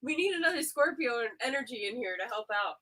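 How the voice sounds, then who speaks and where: A woman's voice: on the high side, lively intonation, quick pace, pushed and bright, a little hiss or hum, poor audio. A woman chatting casually, playful and sarcastic, calling herself a little too spazzy. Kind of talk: casual chat.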